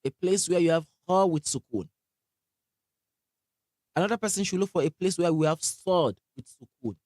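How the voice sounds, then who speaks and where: A man leads a live online recitation lesson. He is energetic, quizzes his class, and repeats sounds to show how they are made. His voice sits a little high, and the sound is dry and close. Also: moderate pace, dry recording. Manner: asks the class questions. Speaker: Quran recitation teacher.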